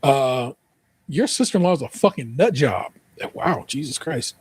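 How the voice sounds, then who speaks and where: A man's voice: medium pitch, expressive, normal speed, slightly rough. A man with an American accent reading an online post aloud, then joking through profane commentary and spelling out the typos. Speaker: podcast host.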